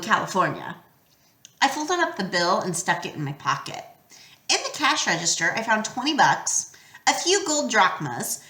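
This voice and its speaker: A woman narrating a storybook aloud with a lively, expressive delivery. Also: a little high. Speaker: audiobook reader. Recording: roomy echo.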